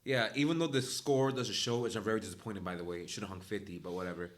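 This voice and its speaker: A man's voice: fairly low pitch, fairly even intonation, fast talker. A young man co-hosting a sports podcast, blunt and joking, swearing casually as he breaks down a game. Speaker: podcast co-host.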